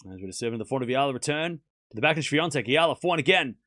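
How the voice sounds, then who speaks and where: A man streaming live tennis commentary, calling the points with excitement and chatting and teasing his viewers in between. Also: medium pitch, rapid-fire, no room sound, clean studio sound. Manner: excited call-outs of play, then chatty asides to chat; teasing, mock-comforting viewers.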